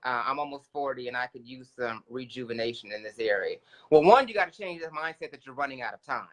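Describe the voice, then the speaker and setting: A man's voice: medium pitch, expressive, fast talker, fairly bright tone. A man co-hosting a casual talk show, speaking in a reflective, spiritual, conversational way. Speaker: co-host.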